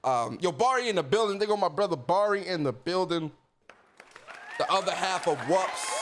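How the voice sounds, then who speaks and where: A man's voice: high voice, normal speed, a faint crowd, a little hiss or hum. Slangy upbeat man hosting a stream. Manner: laid-back slangy shout-outs, lively. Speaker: podcast host. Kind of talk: casual livestream chat.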